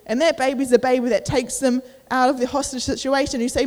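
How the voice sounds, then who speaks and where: With a high, steady, slightly mellow voice, a young youth preacher talks quickly with hardly any pauses. Her casual sermon in an echoey church hall is chatty and filler-laden, acting out inner voices while she's a little out of breath.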